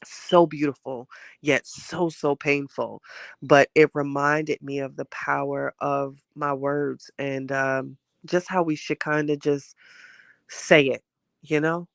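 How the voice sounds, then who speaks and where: A man's voice: on the high side, fairly even intonation, takes it slowly, vocal fry, a bit bright, no echo, studio quality. A man hosting a casual chat show, talking candidly and at length while getting over a cold. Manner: candid, rambling, heartfelt commentary. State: has a cold. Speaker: host.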